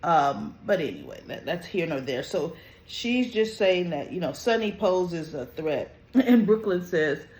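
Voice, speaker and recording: A host giving an animated, opinionated casual review of a soap opera episode, with frequent "you know" and "right?" asides. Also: medium pitch, measured pace, echoey room. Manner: animated, opinionated, quotes characters in lively voices.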